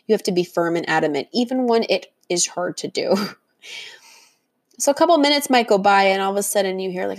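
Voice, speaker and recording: A woman's voice: fairly high pitch, brisk. A woman speaking as a diet coach in a motivational teaching monologue, earnest and firm, acting out the inner voices she describes.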